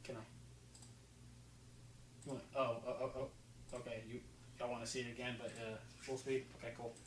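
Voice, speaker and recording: A man's voice: medium pitch, level tone, moderate pace, roomy sound, a little hiss or hum, rough recording. Casual rambling man with slight New Jersey accent. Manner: rambling, casual, fillers and restarts. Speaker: football film breakdown host. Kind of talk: casual commentary over game film.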